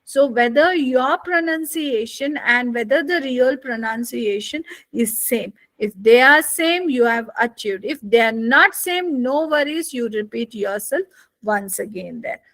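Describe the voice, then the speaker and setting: A high-pitched woman with an Indian English accent lecturing a live online speaking class. Her voice swings up and down with deliberate expression, and she keeps checking in with the class. The sound is close and dry, with no room around it. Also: no room sound. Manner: lively rising and falling intonation, asks "isn't it?" often. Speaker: IELTS speaking instructor.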